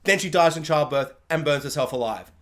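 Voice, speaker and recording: A woman rattling through a spoiler review with a voice that leaps up and down all the time. She jokes, rants and slips into quick mock voices for the characters. The talk is casual and animated. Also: low-pitched.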